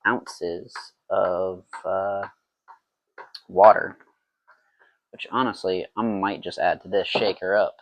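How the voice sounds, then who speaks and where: A man's voice: lowish voice, highs cut off. A man talking to himself in a playful, rambling way while making mead at home, in a casual brewing vlog. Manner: rambling, playful self-talk.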